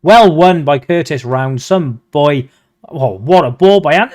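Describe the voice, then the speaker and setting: A young man, commentating his own football management game with excitable, mock-commentator energy. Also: fairly high pitch, measured pace. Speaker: gaming video host.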